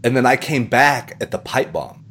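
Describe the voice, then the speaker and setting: A man's voice: medium pitch, moderate pace, a little hiss or hum. A man chatting casually on a podcast, telling stories and acting out what other people said. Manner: animated storyteller, acts out quoted voices. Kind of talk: casual chat.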